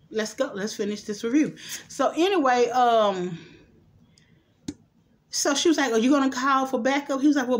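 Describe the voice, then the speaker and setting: A fairly high-voiced woman talks straight to her viewers in a casual vlog, walking through a film's plot. She rambles from scene to scene and laughs often. She jumps into the characters' lines with lively energy. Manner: acts out quoted lines animatedly. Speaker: movie reviewer vlogger. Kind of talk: casual movie review vlog.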